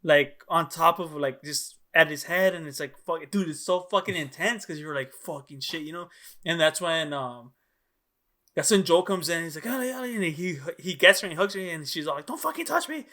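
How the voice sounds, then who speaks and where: A man co-hosting a podcast, recounting things in an excited, slangy way with heavy swearing. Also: fairly high pitch, normal speed. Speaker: podcast co-host. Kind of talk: casual chat.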